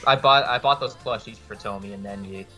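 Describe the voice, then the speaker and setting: Man, podcast guest, casual chat, low pitch, bright tone, blunt, swears a lot. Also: a little fast, faint music behind. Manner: blunt, swears freely, laughs often.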